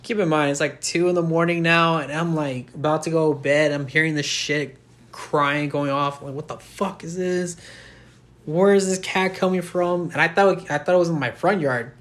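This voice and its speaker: A man's voice: on the high side, normal speed, a bit bright. A young man, a podcast co-host, telling a long rambling story in casual chat and laughing often. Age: young adult.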